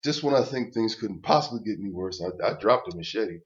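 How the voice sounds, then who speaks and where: A man's voice: fairly low pitch, lively intonation, quick pace, highs cut off. An older man telling a personal story as a casual, profane rant, blunt and stammering through restarts.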